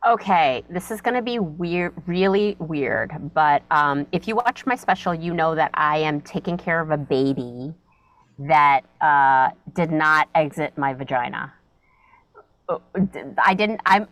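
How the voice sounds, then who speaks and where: A woman comedian, telling a profane, animated story in a casual podcast chat and acting out her own reactions. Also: deep voice, no echo, rough recording. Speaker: guest comedian.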